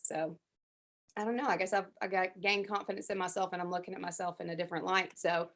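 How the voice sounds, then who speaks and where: A woman's voice: on the low side, steady tone, quick pace, fairly bright tone. A woman chatting casually in a group class, talking with many fillers and acting out what others said. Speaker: class participant. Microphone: headset.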